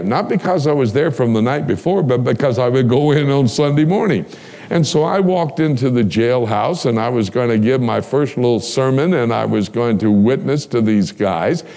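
A man preaching a sermon, telling personal stories with animation and acting out the dialogue. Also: mid-range voice. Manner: animated storyteller, acts out dialogue.

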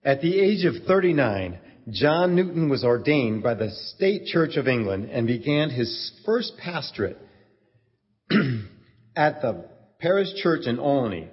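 A man narrating a story in a steady, earnest way, in a dull stage recording. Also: medium pitch, measured pace, breathy edge. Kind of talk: scripted narration. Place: church event stage.

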